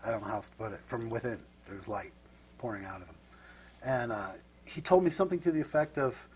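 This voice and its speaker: Middle-aged interview guest from the Midwest, husky and breathy, rambling and reflective. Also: male voice, medium pitch, lively intonation, quick pace, a little mellow. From Nebraska, USA. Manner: rambling and reflective, with frequent tag questions. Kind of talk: casual storytelling.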